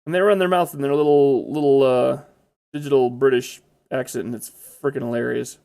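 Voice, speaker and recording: Gravelly man narrating his gameplay. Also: medium pitch, steady tone, normal speed, darkish tone. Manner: chatty, exclaims when startled. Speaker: gameplay commentator. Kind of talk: casual gameplay commentary.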